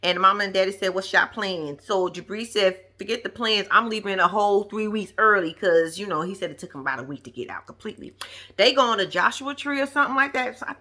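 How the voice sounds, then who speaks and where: A woman with giving a slangy, animated casual recap of a reality show, acting out the quotes. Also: medium pitch, quick pace.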